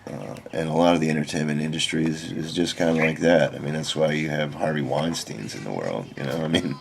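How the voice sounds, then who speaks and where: Gravelly low-voiced man ranting. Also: fairly quick, slight background noise. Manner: rambling, swears constantly, many "you know" fillers. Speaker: vlogger reacting to videos. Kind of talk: rambling profane monologue. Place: living in China.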